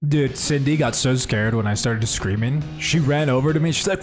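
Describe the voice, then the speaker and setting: A man's voice: fairly high pitch, moderate pace, few pauses, soft background music. A man streaming a video game live, talking casually and enthusiastically to his chat from home. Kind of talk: live gameplay commentary.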